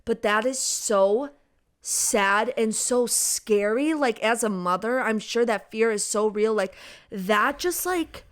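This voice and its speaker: A woman's voice: on the high side, animated, slow. Young woman gushing about a book on a podcast, lots of likes and literallys. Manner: chatty, says "like" and "literally" often. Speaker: podcast co-host. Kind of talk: casual book chat.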